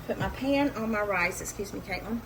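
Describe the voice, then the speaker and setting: A woman's voice: medium pitch, a little fast, noisy background. A woman hosting a casual home cooking video, chatting and joking at her own mistakes as she works. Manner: self-mocking, chatty, talks to viewers while cooking. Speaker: cooking vlog host. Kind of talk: casual cooking demo chat. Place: home kitchen. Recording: home kitchen with loud sizzling. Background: frying and sizzling pan.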